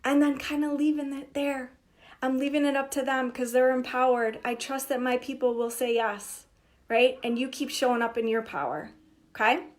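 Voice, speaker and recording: A young woman coaching on business in a casual, energetic talk, emphatic and acting out inner voices. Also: high-pitched, moderate pace. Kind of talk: casual direct-to-camera talk.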